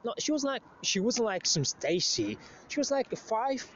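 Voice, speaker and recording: A show host with a high voice, big pitch swings and a fairly bright tone tells a story at a moderate pace in a casual monologue. He's crude and profane, rambling with many restarts, on a slightly muffled lo-fi recording with a little hiss or hum.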